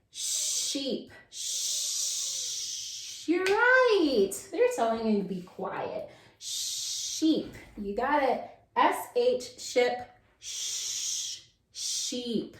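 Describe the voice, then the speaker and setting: A woman teaching a children's phonics lesson in a playful, sing-song way, slowly sounding out letters. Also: a little high, sing-song. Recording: echoey room.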